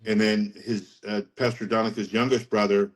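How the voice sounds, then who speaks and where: A middle-aged man, a podcast guest, telling his faith story in a rambling, animated way and laughing at his own anecdotes. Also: lowish voice, normal speed, rough recording. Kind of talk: casual testimony storytelling.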